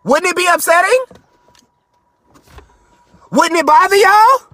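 A man hosting a live stream, ranting in a profane, mocking way from his car and sometimes breaking into shouts. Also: very high-pitched, lively intonation, takes it slowly. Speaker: podcast host.

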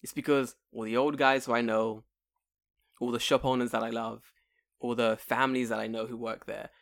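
A man chatting casually on a podcast, swearing freely and telling animated stories in which he acts out what people said. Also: medium pitch, moderate pace, gravelly. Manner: swearing, animated storytelling with put-on quotes. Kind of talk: casual chat.

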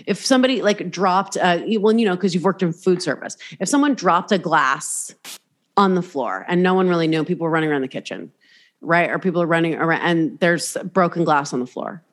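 A woman's voice: on the low side, fairly quick. A woman hosting a podcast in casual chat, talking candidly, swearing freely and acting out voices as she tells stories. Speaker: podcast host.

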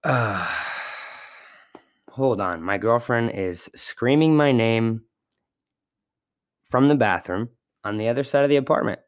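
A man's voice: medium pitch, measured pace, pauses often, no echo, studio quality. A man hosting a solo podcast from his apartment, talking in a loose, rambling way with fillers and the odd swear word. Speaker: podcast host. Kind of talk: casual solo podcast monologue.

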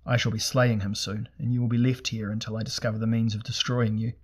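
A man's voice: fairly low pitch, little pitch movement, fast talker, natural voice. A man voicing a grim, sardonic sorcerer prince who speaks in a formal, archaic way in an audiobook.

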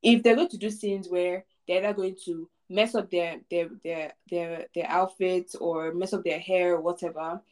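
A woman's voice: fairly low pitch, steady tone, moderate pace, hardly any pauses, darkish tone. A woman co-hosting a casual podcast, talking emphatically about a film and repeating points for effect. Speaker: podcast co-host. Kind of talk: casual movie review chat.

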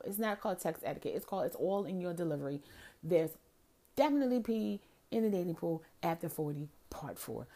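A woman in her forties, ranting sassily in a casual monologue about dating and texting, tired and crampy. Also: fairly low pitch. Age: 40s. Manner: sassy, animated ranting. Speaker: vlogger.

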